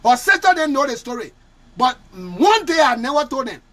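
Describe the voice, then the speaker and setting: A man's voice: very high voice, sing-song, normal speed, fairly bright tone. A man hosting a live call-in show, impassioned and close to tears, often repeating himself. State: tearful. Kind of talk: emotional live call-in talk.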